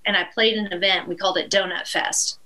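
A woman's voice: medium pitch, fairly quick, poor audio. A middle-aged woman from East Texas with a Texan accent, telling a story as a guest and laughing as she goes. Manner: animated, laughs through her story. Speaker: guest musician. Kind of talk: casual storytelling.

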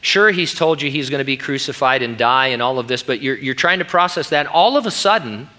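A man's voice: medium pitch, animated, a little fast, bright, forceful tone. A middle-aged man who is a pastor, preaching an earnest, emphatic sermon.

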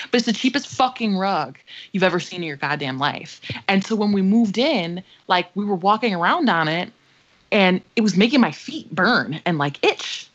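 Young adult woman, casual podcast co-host, emphatic and swearing, lo-fi sound. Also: mid-range voice. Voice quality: profane, emphatic storyteller. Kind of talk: casual storytelling chat. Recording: dull lo-fi podcast audio.

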